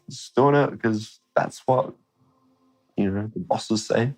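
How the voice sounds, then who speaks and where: A man's voice: on the low side, takes it slowly, a little mellow. A young man telling a story in a casual interview, laid-back and swearing freely.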